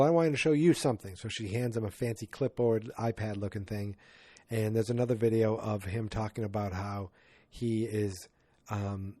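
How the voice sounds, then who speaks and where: Guy podcasting about a movie, kinda low warm voice, rambly, does the characters' lines, dry close mic. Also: slightly rough, dry recording. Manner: rambling retelling with acted-out quotes. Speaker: podcast host. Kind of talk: casual movie recap.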